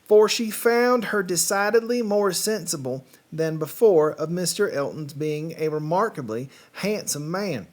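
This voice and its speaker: A man reading a classic novel aloud in a put-on Southern US accent, with a slow, emphatic and louder delivery. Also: a little high, animated. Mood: theatrical. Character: male reader doing an exaggerated Southern drawl.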